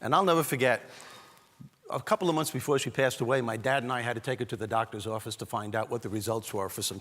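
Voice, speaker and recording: A man from Brooklyn, giving a comedic motivational keynote with animated, punchy storytelling. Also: medium pitch, long reverb tail. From Brooklyn, New York. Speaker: keynote speaker. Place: large hall, on stage.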